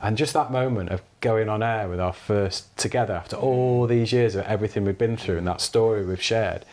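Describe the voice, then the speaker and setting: A man's voice: lowish voice, a little fast, darkish tone. A man, a podcast guest, speaking earnestly and often restarting his thoughts. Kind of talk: reflective interview answers.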